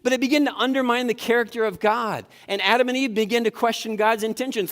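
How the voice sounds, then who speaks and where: A man's voice: very high-pitched, quick pace, few pauses, fairly bright tone. A man preaching a sermon in a conversational way, often acting out people's inner thoughts. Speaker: pastor. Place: church sanctuary. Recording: long hall reverb.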